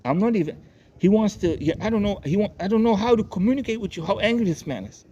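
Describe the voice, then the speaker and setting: A man's voice: high voice, animated, fast talker, warm tone. A man ranting to his viewers in a rambling, profane, emphatic monologue that keeps circling back on itself. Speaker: online commentator. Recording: dull lo-fi with faint noise.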